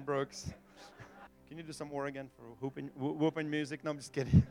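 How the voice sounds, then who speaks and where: A middle-aged male pastor preaching a sermon in an animated way, acting out little voices and laughing often. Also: medium pitch, moderate pace, faint music behind.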